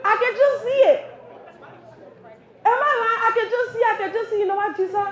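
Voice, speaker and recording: A woman from Liberia with a Liberian English accent doing animated live stand-up comedy, acting out voices as she goes. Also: very high voice, brisk, some chatter behind. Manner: animated, acts out voices, laughs through lines. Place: cafe stage with live audience. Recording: roomy, dull live venue recording.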